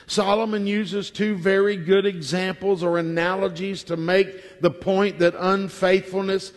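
A man preaching a sermon before communion, telling a story slowly and deliberately, with emphatic repetition. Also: high voice, flat delivery. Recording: long hall reverb.

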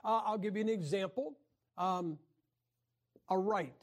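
Guy with a high voice teaching bible class, folksy, keeps clearing his throat, cracks jokes. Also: measured pace. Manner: frequent throat clearing and restarts, jokey asides.

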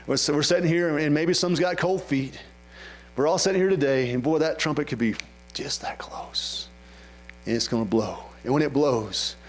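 A man preaching a sermon in church, rising to high, loud calls and dropping to soft, low asides. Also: poor audio. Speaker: pastor.

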